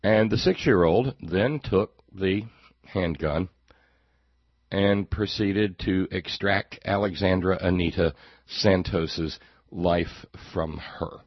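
A deep, husky man delivers a sarcastic talk-show monologue that rambles and stumbles over repeated words. His voice is dry and close, and the recording sounds dull and lo-fi. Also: slow pace, no echo. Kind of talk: political commentary monologue.

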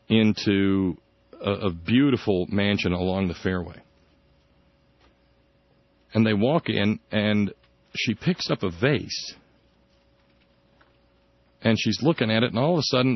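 Sarcastic male talk radio host. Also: no room sound. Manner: sarcastic, jumps into high mocking tones. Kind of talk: satirical talk radio monologue. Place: radio studio. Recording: dull dry radio broadcast.

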